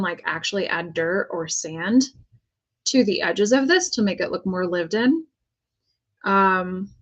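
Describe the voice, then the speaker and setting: An American woman casually talking herself through painting a prop, chatty and joking as she works. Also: medium pitch. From United States. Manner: chatty, self-talking while working, jokey asides. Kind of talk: casual crafting vlog talk.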